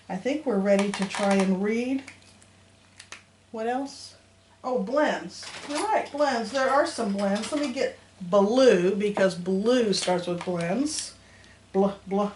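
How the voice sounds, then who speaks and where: A woman's voice: mid-range voice, darkish tone. A middle-aged woman teaching young children to read, sounding out letters and words in a patient, sing-song way. She talks unhurriedly. Her voice rings in a roomy space over a faint background hum. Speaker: elementary school teacher. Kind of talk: phonics lesson to young children.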